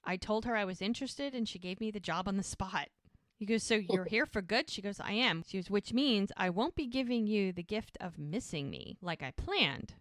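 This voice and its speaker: A woman's voice: medium pitch, expressive, normal speed, fairly bright tone, no room sound, studio quality. A woman co-hosting a podcast, casually retelling a TV episode by quoting the characters' lines in turn. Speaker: podcast co-host.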